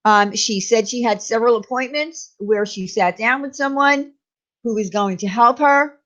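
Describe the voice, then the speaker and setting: A high-pitched woman vents her anger on her own channel, throwing out sarcastic questions and repeating names with indignation. The sound is muffled and lo-fi. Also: normal speed, fairly bright tone. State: angry. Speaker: YouTube commentary host. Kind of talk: angry ranting commentary.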